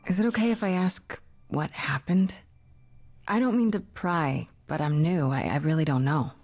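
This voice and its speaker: A woman's voice: deep voice, moderate pace, a little mellow. An actress playing an uneasy young woman, new to the group, who speaks hesitantly and with sympathy. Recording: game audio with faint music.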